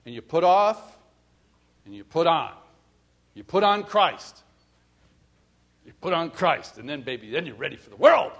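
A middle-aged man preaching a sermon, acting out little scenes and swinging from soft asides to loud calls. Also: fairly high pitch, very animated, a little slow, pauses often. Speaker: pastor.

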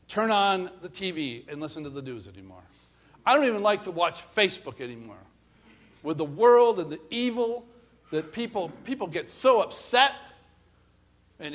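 Middle-aged male pastor, lively higher voice, animated sermon with acted-out asides. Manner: animated preaching, acts out little scenes, swings from soft to loud.

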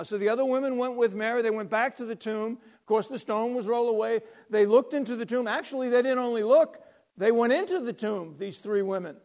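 Male preacher, sermon, very high voice, dramatic, loud to hushed. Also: normal speed. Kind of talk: sermon storytelling.

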